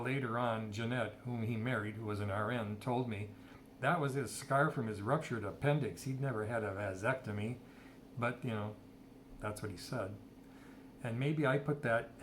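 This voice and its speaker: A man's voice: mid-range voice, moderate pace, slight background noise. A middle-aged man casually telling a rambling personal story and quoting people's dialogue. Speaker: storyteller sharing personal history.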